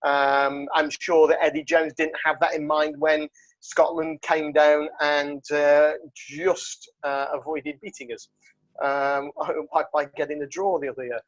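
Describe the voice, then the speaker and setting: Rambling high-voiced podcast host, lo-fi. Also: male voice, flat delivery, measured pace. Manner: rambling, with many ums and restarts. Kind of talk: casual banter. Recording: dull lo-fi sound.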